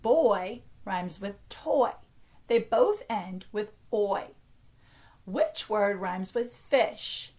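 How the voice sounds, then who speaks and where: A woman's voice: mid-range voice, lively intonation, very slow, darkish tone. An American woman in her thirties, a teacher giving an early-grade reading lesson and carefully sounding out words for young children. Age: 30s.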